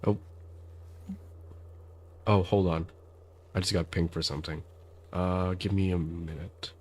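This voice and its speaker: A man's voice: low voice, steady tone, a little slow. A man hosting a let's play, chatting in a laid-back, thoughtful way while he plays. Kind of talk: casual gameplay chat.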